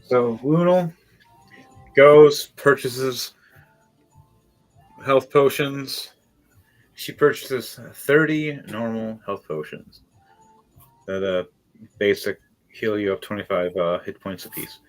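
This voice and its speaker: A man's voice: medium pitch, slow, pauses often, soft background music, low-quality recording. A man narrating a tabletop game as game master, in a rambling, playful way.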